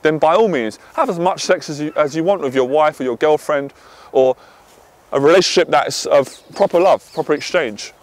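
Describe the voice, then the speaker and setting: A man coaching on dating, talking intensely, swearing and then calming himself down. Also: a little high, normal speed. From half Irish. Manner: intense, swears, swings from loud to quiet. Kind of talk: passionate monologue to camera.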